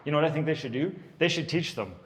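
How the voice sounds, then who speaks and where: A man in his thirties doing stand-up comedy at a birthday party, telling stories about his kids with lively, animated delivery. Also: on the high side, fast talker, in a large hall. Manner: animated storytelling, puts on kids' voices.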